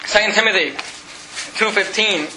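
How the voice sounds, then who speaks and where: A man pastor preaching a sermon with emphatic repetition, reading scripture slowly and deliberately. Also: sits high, roomy sound, noisy background. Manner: emphatic preaching, repeats scripture references, reads King James verses slowly. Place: church.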